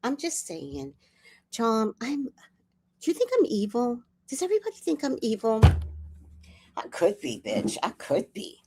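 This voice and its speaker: A woman from New York City chats on her own livestream in a slightly high voice. Her pitch swings widely as she rants sarcastically, and she often laughs. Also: a little slow, slightly rough. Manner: animated, sarcastic ranting with frequent laughs. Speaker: livestream host. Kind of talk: casual livestream chat.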